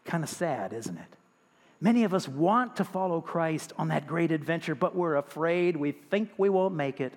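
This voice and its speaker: A male pastor delivering a sermon with a high-pitched voice, talking to his congregation like a conversation and throwing in rhetorical questions. His words trail off into the long reverb of a large hall. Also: animated, normal speed.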